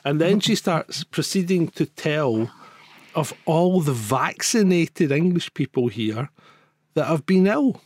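A Scottish man co-hosting a casual chat, an animated storyteller who swears freely and acts out other people. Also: fairly high pitch, slow, dry recording. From Scotland. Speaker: podcast co-host.

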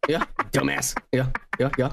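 Gravelly, profane podcast host man. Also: mid-range voice, flat delivery, normal speed, background noise. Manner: profane, boisterous, teasing. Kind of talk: casual crude banter.

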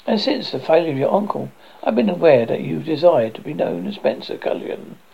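A man voicing a calm, mocking male visitor who drops in at midnight and teases his host in a dry manner. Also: fairly high pitch, brisk, vocal fry, breathy edge, exaggerated voice. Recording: dull lo-fi recording.

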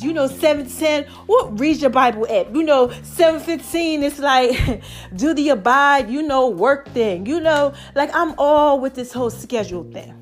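A woman hosting her own podcast in casual, chatty talk, out of breath and sighing between phrases, calling her listeners baby. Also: on the high side. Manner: lively, chatty, calls listeners baby and y'all. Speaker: podcast host.

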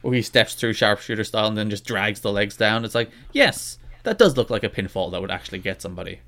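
A man co-hosting a podcast in casual chat, talking quickly and restarting his sentences often. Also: fairly low pitch, animated, a bit bright. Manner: quick, self-interrupting talk with frequent restarts. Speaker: podcast co-host.

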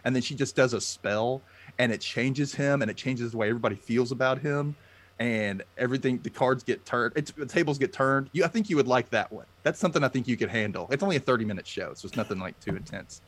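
A man in casual chat, excitable and leaning on "you know" as he talks. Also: medium pitch, quick pace.

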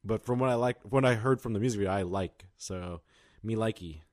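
A man's voice: fairly low pitch, quick pace, darkish tone, no echo, studio quality. A young man co-hosting a podcast, chatting casually with lots of fillers. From Los Angeles County. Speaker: podcast co-host. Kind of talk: casual chat.

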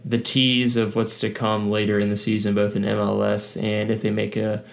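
Man, podcast co-host, lowish voice, measured, plain-spoken, casual. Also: completely flat delivery, creaky. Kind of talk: casual sports podcast chat.

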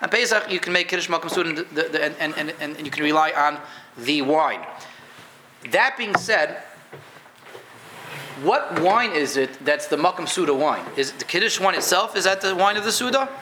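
A man's voice: on the high side, lively intonation, normal speed, bright, forceful tone, a little hiss or hum. A man teaching a casual Jewish law class to a room of listeners, conversational, repeating words and quizzing them. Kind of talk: informal halacha class. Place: room with a live audience.

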